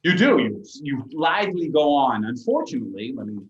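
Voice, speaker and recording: A man's voice: medium pitch, moderate pace, lo-fi sound. Man game master in an echoey room. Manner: lively narration with frequent restarts and acted bits. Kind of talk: narrating a tabletop game.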